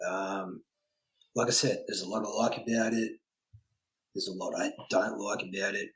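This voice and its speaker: A man gives his verdict on a podcast in a measured, plain-spoken way. His voice sits on the low side. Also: steady tone, a bit bright, poor audio. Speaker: podcast co-host. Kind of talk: casual chat.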